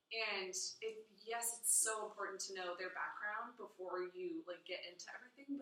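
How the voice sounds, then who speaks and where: Bright young woman in an echoey room. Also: medium pitch. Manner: chatty, many fillers, gets emotional. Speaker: student teacher. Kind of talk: casual group discussion. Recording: echoey room, far from the mic, faint ambient noise.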